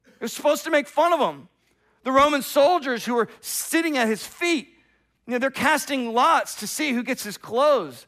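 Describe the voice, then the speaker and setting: A middle-aged man preaching a sermon as pastor, telling the story with animation, rising loud and dropping to a hush, often repeating words as he starts a thought. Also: very high-pitched, big pitch swings, normal speed.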